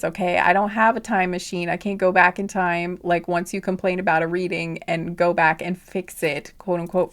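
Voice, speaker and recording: Chatty, rambling woman tarot reader. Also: on the low side. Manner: rambling, laughing, sassy asides; drops to whispers at times. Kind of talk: casual chatty monologue.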